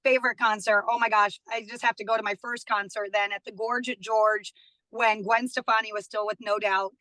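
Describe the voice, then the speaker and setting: Guest woman, thirties, bright chatty voice, dry studio sound, laughs easily. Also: mid-range voice, little pitch movement, brisk, no room sound, poor audio. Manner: chatty, warm, laughs often. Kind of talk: casual chat.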